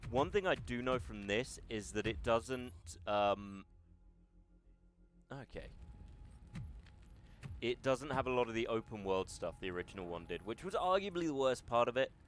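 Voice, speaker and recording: A man's voice: medium pitch, expressive, normal speed, long pauses, a little hiss or hum. A man streaming a video game with casual, wry, self-deprecating commentary and the odd swear word. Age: older.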